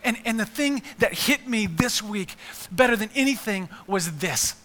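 A man's voice: sits high, lively intonation, measured pace, a bit bright, long reverb tail. A man preaching a sermon in a church, earnest and emphatic, often repeating words and building up lists. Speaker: pastor.

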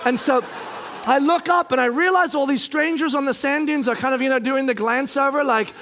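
Middle-aged male pastor, very high voice, bright and forceful, lively storytelling. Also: a little fast, a little hiss or hum. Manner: animated, acts out scenes, bursts into shouting. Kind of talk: sermon storytelling.

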